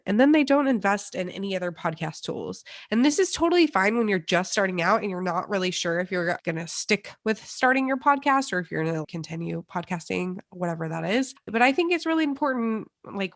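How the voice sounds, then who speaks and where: A young woman with a congested, cold-stuffed voice hosts her podcast solo. She talks in a chatty, upbeat way with small laughs, at an ordinary pitch. Her voice sounds dry and close to the mic. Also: dry recording. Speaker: podcast host. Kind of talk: casual solo podcast talk.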